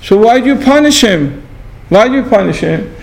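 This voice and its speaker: A man teaching a Torah class, halting with fillers and asking his listeners rhetorical questions. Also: high-pitched, lively intonation, vocal fry, rough recording. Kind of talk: class lesson on scripture.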